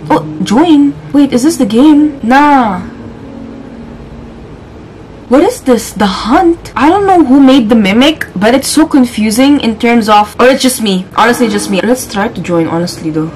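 A woman's voice: on the high side, a little hiss or hum, low-quality recording. Jumpy young woman gaming commentary. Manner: jumpy, shrieks and exclaims when scared. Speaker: gaming YouTuber. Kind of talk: horror game let's play commentary.

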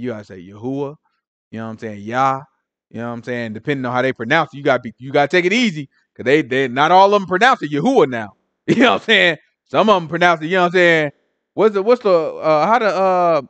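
Male preacher, AAVE speech, lively casual sermon, higher voice, dry close sound. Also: fast talker, no echo. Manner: animated, colloquial, mimics people in different voices. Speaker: Bible teacher.

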